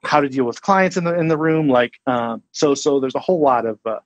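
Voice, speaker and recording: Measured, thoughtful man on a dry mic. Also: mid-range voice, no room sound, highs cut off. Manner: measured, thoughtful, hesitant with ums and restarts. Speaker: guest, senior colorist. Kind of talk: casual interview chat.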